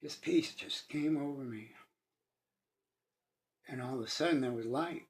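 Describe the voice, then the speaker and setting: Gravelly middle-aged man, earnest testimony. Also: mid-range voice. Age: 50s. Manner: earnest, halting, with restarts and pauses. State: moved to tears at times. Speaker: sharing a personal testimony. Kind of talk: emotional first-person testimony.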